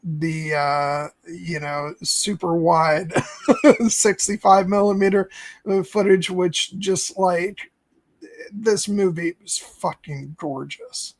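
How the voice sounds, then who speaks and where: A man's voice: high-pitched, slow pace, no echo. A man hosting a casual film discussion podcast, enthusiastic, stumbling over restarts and swearing as he gushes. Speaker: podcast host.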